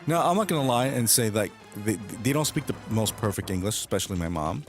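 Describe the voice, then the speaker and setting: A man's voice: lowish voice, lively intonation, quick pace, few pauses, faint music behind. Young man ranting on a stream. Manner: heated, profane ranting with frequent restarts. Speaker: livestreamer. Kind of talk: casual chat.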